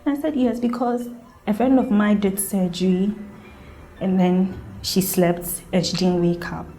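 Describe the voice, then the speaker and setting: A woman's voice: mid-range voice, fairly even intonation, measured pace, dark tone. A young woman from Ghana telling her own birth story in an earnest, emotional way and acting out the people she quotes. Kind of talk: personal storytelling.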